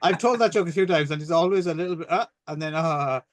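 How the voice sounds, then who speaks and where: A man co-hosting a casual film podcast rambles and jokes his way through crude anecdotes, often restarting as he goes. His voice is on the high side and his pace is quick, with no echo in the recording.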